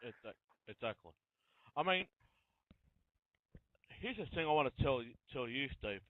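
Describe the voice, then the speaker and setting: A man's voice: mid-range voice, animated, moderate pace, no room sound. Male host, earnest and rambling, phone-line sound. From Australia. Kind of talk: casual interview.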